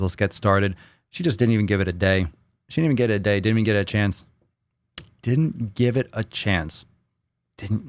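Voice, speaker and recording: A man with an American accent chats loosely through a live Q&A, restarting sentences and tossing jokes at his audience. His voice sits a bit low, recorded close and dry with no room sound. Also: dry recording. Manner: rambling, repeats himself, joking banter with chat. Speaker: livestream host. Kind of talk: casual live Q&A chat.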